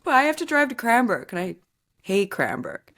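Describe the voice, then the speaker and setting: A woman's voice: fairly high pitch, big pitch swings, moderate pace, a bit bright. Chatty woman co-hosting a podcast. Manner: chatty, many "like" fillers, laughs easily. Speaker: podcast co-host. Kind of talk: casual chat.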